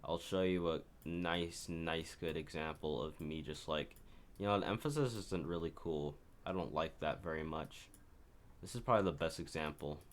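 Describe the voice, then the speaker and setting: A man's voice: rumbling low, moderate pace, background noise. A man casually talks through his own composition as he works on it, rambling and correcting himself as he goes. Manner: rambling, self-correcting, talks while working. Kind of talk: casual screen-share commentary.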